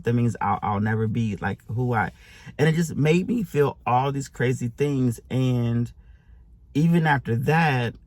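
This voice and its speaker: A man's voice: medium pitch, no echo. A man earnestly sharing a personal relationship story and advice, rambling with many restarts and speaking affirmations to viewers.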